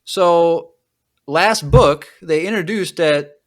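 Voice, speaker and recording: Speaking slowly in a voice on the high side, a man hosting a podcast retells a book. His chat is casual and meandering, loaded with fillers, and his thoughts tend to trail off at the end.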